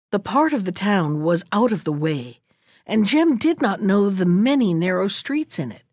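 A woman reading a fairy tale aloud in an expressive storytelling manner. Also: medium pitch, dry recording, studio quality. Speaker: reader.

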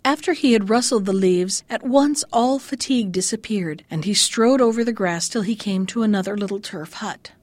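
A woman's voice: moderate pace, hardly any pauses, a little mellow, dry recording. A woman reading an old fairy tale aloud, lifting her voice for the quoted lines. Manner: lifts pitch for quoted lines. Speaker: storyteller.

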